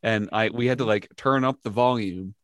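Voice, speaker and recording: A man's voice: lowish voice, moderate pace, fairly bright tone, dry recording, clean studio sound. A man in a casual chat, blunt and sarcastic, swearing freely.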